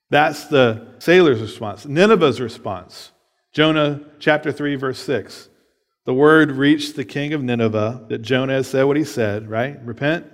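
Conversational preacher in a reverberant hall. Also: male voice, mid-range voice, normal speed. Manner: conversational preaching, often asks "right?", laughs between points. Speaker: pastor. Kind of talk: sermon.

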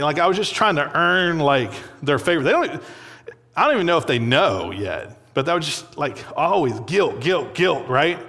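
A man's voice: on the high side, big pitch swings, moderate pace, pushed and bright. A young man giving a sermon, telling a personal story in a loose, conversational way full of fillers and little laughs. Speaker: pastor. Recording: long hall reverb.

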